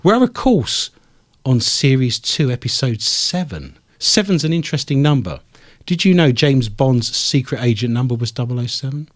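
A man hosts a radio show in a studio, telling rambling stories with a dry, joking edge. His voice sits at an ordinary pitch for a man. The sound is close and dry, with almost no room in it. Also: animated, normal speed, no room sound. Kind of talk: casual radio banter.

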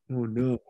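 A man's voice: mid-range voice, mellow, no room sound. Profane joking young man in banter. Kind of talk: casual chat.

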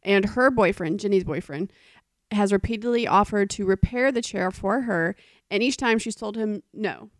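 A woman with a mid-pitched voice chats on a podcast, retelling a story and adding wry remarks. She sounds close and dry, with no room echo. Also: normal speed. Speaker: podcast co-host. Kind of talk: casual podcast chat.

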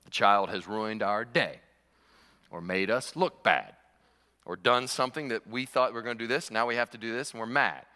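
A male pastor preaching a sermon to a congregation in a large church, animated, repeating words and chuckling as he goes. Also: fairly low pitch, moderate pace. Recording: long reverb of a large hall.

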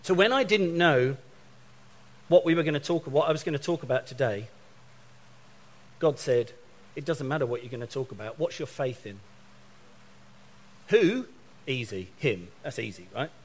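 A man's voice: medium pitch, expressive, moderate pace, pauses often. A middle-aged man from England preaching a sermon, telling a story and acting out both sides of his phone calls.

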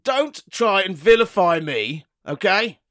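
A man's voice: sits high, very animated, slow, fairly bright tone, no echo, clean studio sound, heavily acted. A man playing a crude, arrogant business tycoon as an improvised comedy character, talking in a pompous, boastful way. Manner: pompous, boastful, self-important. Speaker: podcast regular.

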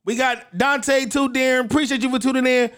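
A man's voice: extremely high pitch, fairly even intonation, a little fast, fairly bright tone, smooth. A man hosting a sports podcast, giving his football picks in a brash, punchy, repetitive way. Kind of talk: solo sports picks commentary.

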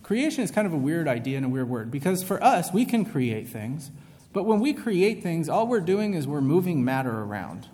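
A man's voice: a little high, sing-song, moderate pace, warm tone. A male preacher giving a conversational sermon to a congregation, often checking in with "right?" and breaking off mid-thought. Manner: casual, asks "right?" often, self-interrupting. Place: large hall with a congregation. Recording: long hall reverb.

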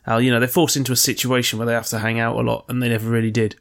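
A man's voice: medium pitch, flat delivery, very fast, vocal fry, a bit bright. A man co-hosting a podcast in casual chat, rambling, joking and swearing freely. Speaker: podcast co-host.

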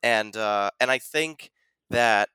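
Man, podcast co-host, lower voice, crisp and bright, dry sound, animated chat. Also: slow, no room sound. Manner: animated, acts out quotes, many fillers. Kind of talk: casual film discussion.

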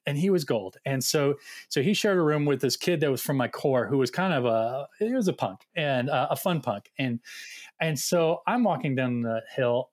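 A man who serves as a youth ministry director, telling funny camp stories in a relaxed conversational way and acting out the dialogue. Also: medium pitch, dry recording. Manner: animated anecdote-telling with quoted dialogue. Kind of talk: casual storytelling.

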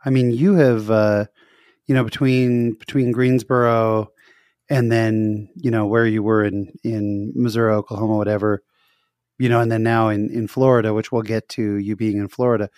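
A man's voice: lowish voice, flat delivery, moderate pace, darkish tone, clear, resonant tone, no room sound, studio quality. A man hosting a casual interview, chatty and repetitive, who acts out the people in his own stories. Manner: chatty, repeats words, acts out voices in anecdotes. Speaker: interview host.

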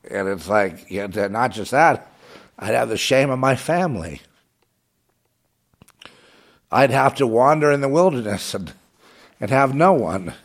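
A man preaching in a rambling, fervent monologue, repeating himself and quoting imagined critics. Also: lowish voice.

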